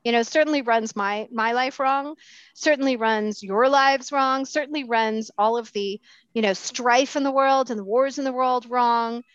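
Middle-aged woman, recovery talk, candid, self-mocking, halting with fillers, slightly high voice, dull dry recording. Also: steady tone, smooth, no echo. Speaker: speaker sharing at a recovery meeting.

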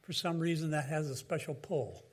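Male preacher, earnest and measured, fairly high voice, conversational asides. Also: husky. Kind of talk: sermon.

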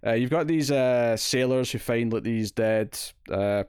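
A man's voice: medium pitch, a little slow, darkish tone, smooth, dry recording. Scottish man, casual podcast chat, blunt opinions, dry close sound. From Scotland. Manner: blunt, opinionated, with frequent fillers. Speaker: podcast co-host. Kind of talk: casual comic review chat.

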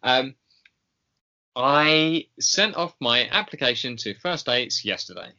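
A man co-hosting a podcast in casual chat, slow and hesitant with many ums and pauses. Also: mid-range voice, animated, pushed and bright, dull audio. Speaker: podcast co-host.

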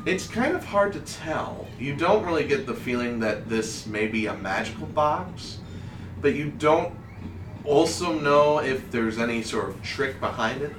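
A man narrating as game master at a tabletop game, unhurried and full of fillers. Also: mid-range voice. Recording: echoey room, distant mic, faint noise.

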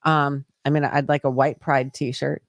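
A woman's voice: extremely low pitch, level tone, measured pace, no echo. A woman co-hosting a political podcast, blunt and joking, swearing casually in banter. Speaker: podcast co-host.

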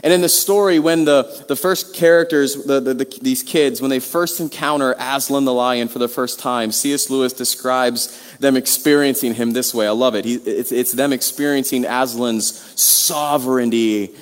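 A man's voice: mid-range voice, fairly even intonation, moderate pace, hardly any pauses, smooth. A man preaching a sermon in a conversational way, with many restarts and rhetorical questions. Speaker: pastor. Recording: long hall reverb.

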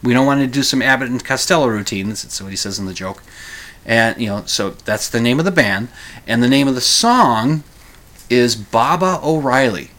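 At a moderate pace and with a fairly bright tone, a man hosting a podcast rambles through a story, chuckling and correcting himself along the way. He performs any quoted dialogue in a higher voice.

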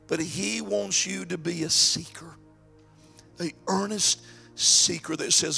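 A male pastor preaching a sermon, swinging from hushed, drawn-out lines to shouted climaxes. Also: on the high side, creaky, slightly rough, faint music behind.

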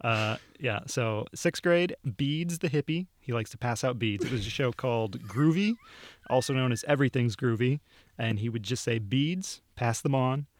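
Here a young man who works as a video producer recounts stories casually during a podcast chat, laughing easily and using lots of fillers. His voice is mid-range at a normal speed, recorded on a studio mic with no room sound.

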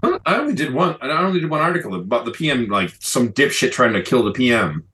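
A man's voice: mid-range voice, fast. A man co-hosting a casual news podcast, reading stories aloud and swearing often in between. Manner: profane, animated, cuts in apologetically. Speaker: podcast co-host.

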